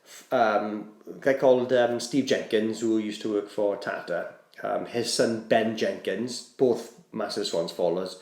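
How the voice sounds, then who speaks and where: A man's voice: on the low side, unhurried, few pauses. A man, a podcast guest telling a long story in casual chat, rambling and restarting with lots of "I said". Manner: rambling, animated, stacks up "I said" and restarts. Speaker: podcast guest, charity co-founder. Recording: roomy echo.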